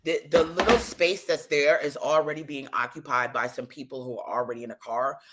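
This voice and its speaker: A woman telling a comic story in an animated, exasperated way, swearing freely. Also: low-pitched, brisk, husky.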